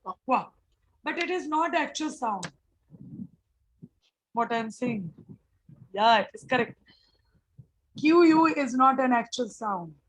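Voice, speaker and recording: Slow-speaking woman teacher. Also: high voice, lively intonation, low-quality recording. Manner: slow, repetitive explaining with drawn-out sounds. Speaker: phonics teacher. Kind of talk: online phonics class for teachers.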